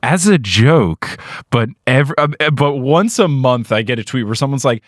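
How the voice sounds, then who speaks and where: A man hosting a podcast, chatting casually with lively swings in pitch and frequent laughter. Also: no room sound, clean studio sound. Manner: animated, laughing, does quick mock voices for quotes. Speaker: podcast host. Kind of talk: casual chat.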